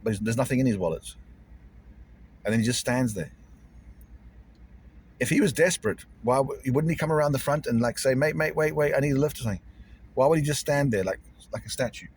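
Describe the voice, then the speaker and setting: A man's voice: mid-range voice, animated, brisk, long pauses, a little mellow, a little hiss or hum. A man vlogging casually to camera, rambling and repeating himself in an uneasy way.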